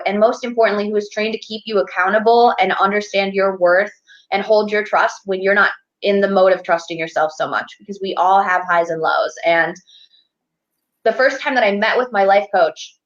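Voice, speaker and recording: This guest, a woman who is a financial advocate and life coach, chats candidly and motivationally in a casual video-call interview. Her mid-range voice sounds a bit bright through the dull, lo-fi audio.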